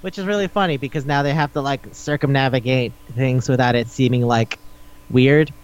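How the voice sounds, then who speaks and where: A man's voice: medium pitch, steady tone, fairly quick, smooth, lo-fi sound. A man hosting a podcast in casual chat, rambling through a recap, swearing often and laughing as he talks. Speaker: podcast host.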